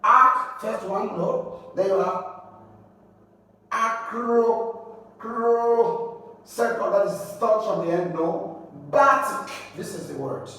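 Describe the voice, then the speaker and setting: A man with a Nigerian English accent teaches at a board in a high voice, sounding out words again and again. The sound is boomy and echoing. He is caught from a distance, with faint room noise underneath. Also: measured pace, bright, forceful tone. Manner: repeats and drills words aloud. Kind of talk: classroom lesson at a board. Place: classroom. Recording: echoey room, distant mic.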